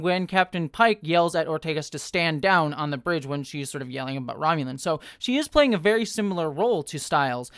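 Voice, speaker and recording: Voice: mid-range voice, a bit bright, no room sound, studio quality. A TV review host talking through an episode in a chatty, enthusiastic way, with many fillers and asides. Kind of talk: casual spoken episode review.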